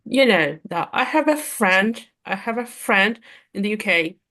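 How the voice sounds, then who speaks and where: A woman with a mid-pitched voice joins a casual online chat. She talks hesitantly and often restarts her sentences. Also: animated, a little slow, a bit bright. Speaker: chat participant.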